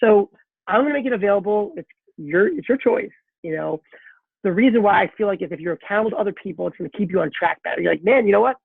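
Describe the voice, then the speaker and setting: A man's voice: high voice, fast, gravelly, husky, no room sound. A man as a sales coach leading a group conference call, giving a direct, repetitive pep talk. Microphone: conference call line. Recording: tinny phone-line call audio.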